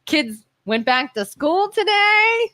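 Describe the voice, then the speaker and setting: A cheerful woman co-host chatting on a live talk show in a studio. Her voice is fairly high and swings widely in pitch as she tells animated stories, heard close and dry. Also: moderate pace, no room sound. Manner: chipper, animated storyteller. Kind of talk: casual radio chat. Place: radio studio.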